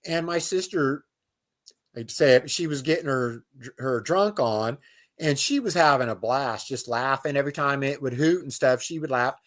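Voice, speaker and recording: A man's voice: mid-range voice, normal speed. A man telling a personal outdoor story as a guest, in loose casual speech with fillers, restarts and imitated animal calls. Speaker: guest recounting an outdoor encounter.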